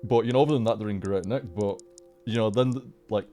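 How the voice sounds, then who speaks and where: Streamer type: man, low voice, rambling casual chat full of restarts and swearing, faint music underneath. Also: fast talker, mellow.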